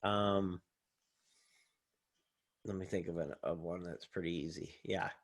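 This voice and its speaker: A man's voice: sits low, steady tone, a little slow. A man, a college English professor, giving a casual, rambling recorded lecture while sharing his screen, thinking aloud with many fillers.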